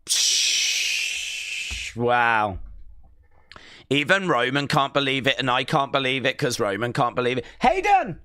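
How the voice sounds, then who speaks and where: A man hosts a live reaction stream with a bright, forward voice. He lingers over his words and repeats his points, then bursts into shouts at the big moments. The sound is dry and close. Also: mid-range voice, slow pace, pauses often, smooth, no echo. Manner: excitable, shouts counts and moves, repeats himself. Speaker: live-stream watch-along host. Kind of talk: excited live reaction commentary.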